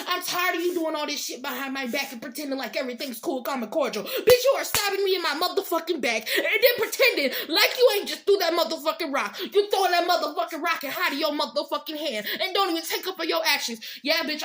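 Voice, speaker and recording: A young woman's high, bright voice drives a fired-up rant to camera. She is blunt and profane, and she repeats lines to hammer them home. Her delivery is sharp and forceful. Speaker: vlogger giving life advice. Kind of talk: heated motivational rant.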